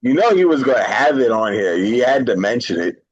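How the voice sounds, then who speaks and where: A man's voice: medium pitch, sing-song, brisk, husky, highs cut off. A man co-hosting a podcast, chatting casually and laughing often. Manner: laughs often, agreeable banter. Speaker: podcast co-host. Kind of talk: casual chat.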